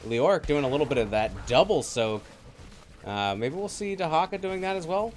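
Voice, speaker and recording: A man's voice: fairly high pitch, normal speed. A man casting a video game match live, calling plays and reading chat. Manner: lively play-by-play, reads chat. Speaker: esports caster. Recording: slightly noisy online stream audio.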